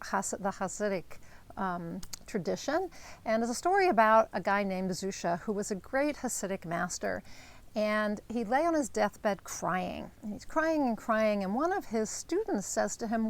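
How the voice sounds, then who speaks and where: A woman's voice: medium pitch, lively intonation, normal speed. Earnest woman coach, encouraging. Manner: earnest, encouraging, with many fillers. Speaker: life coach. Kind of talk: motivational video talk.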